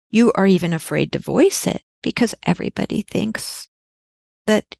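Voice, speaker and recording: Low-voiced woman with a gravelly edge. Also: normal speed, a little mellow, dry recording. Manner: earnest, emphatic, repeats key words for stress. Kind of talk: podcast conversation.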